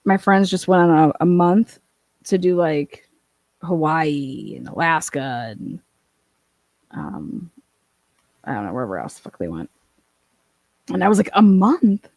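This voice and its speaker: A woman's voice: low-pitched, lively intonation, unhurried, gravelly, long pauses, a little mellow, no echo. A woman hosting a casual livestream, chatting and reading out viewer comments, swearing and laughing often. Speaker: livestream host reading chat.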